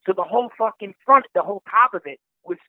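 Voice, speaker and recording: A man telling an exasperated, animated story in casual chat, swearing and acting out what people said, heard over a phone line. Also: high voice, quick pace, dry recording.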